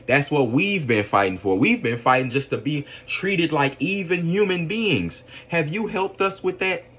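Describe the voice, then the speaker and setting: A man's voice: mid-range voice, fairly bright tone. A man giving a casual opinion monologue on a podcast. He rambles, fills his talk with "you know", keeps checking in with the listener, and turns earnestly preachy about his faith. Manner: earnest, preaching religious conviction. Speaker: podcast commentator.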